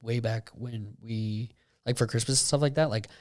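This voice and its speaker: A young man co-hosting a casual podcast, talking in a rambling way with lots of fillers and getting animated when he retells a story. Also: medium pitch, normal speed. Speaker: podcast co-host. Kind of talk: casual chat.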